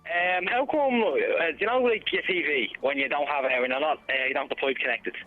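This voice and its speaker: A man's voice: on the high side, fairly quick, dry recording, soft background music. A man with a Dublin accent calling in to a radio phone show, rambling casually with slang. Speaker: caller. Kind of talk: phone-in chat. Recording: tinny phone line.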